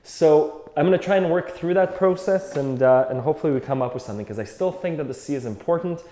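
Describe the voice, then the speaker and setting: Male accordion teacher, slightly high voice, casual and thinking aloud, in an echoey room. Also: quick pace, mellow. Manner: thinks aloud, loose and reflective. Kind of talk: casual music lesson. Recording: roomy echo, faint accordion.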